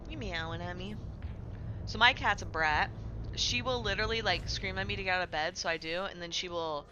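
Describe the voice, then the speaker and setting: A young woman streaming from home, her voice sitting a little low but with a tense, forceful edge. She talks loose and profane, rambling through fillers while she plays and answers her chat. It sounds offhand and unscripted. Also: a little fast, muffled recording, slight background noise. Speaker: game streamer. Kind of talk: casual live-stream chat while gaming.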